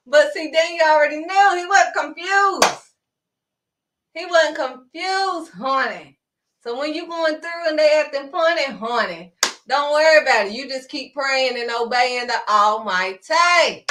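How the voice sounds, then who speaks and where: A woman preaching in a livestream sermon, animated and calling listeners honey. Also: sits high, measured pace, background noise.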